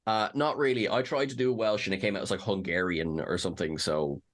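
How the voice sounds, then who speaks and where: A man's voice: low-pitched, brisk. A man co-hosting a casual fan discussion, rambling through self-deprecating asides. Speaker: co-host. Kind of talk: casual chat.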